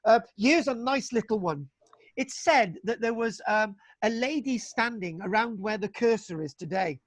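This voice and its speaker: Man, local history lecturer, chatty and folksy, fillers and restarts, fairly high voice, dry sound. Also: moderate pace, dry recording. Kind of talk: online illustrated history lecture.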